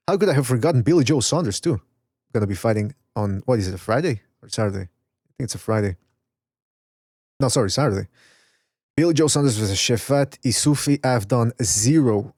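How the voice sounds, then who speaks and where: A man's voice: mid-range voice, a little mellow, dry recording. Man hosting a live podcast, casual and profane, rambling chatter, dry close sound. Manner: rambling, profane, reads chat aloud. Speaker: podcast host. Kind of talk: casual live-stream chat.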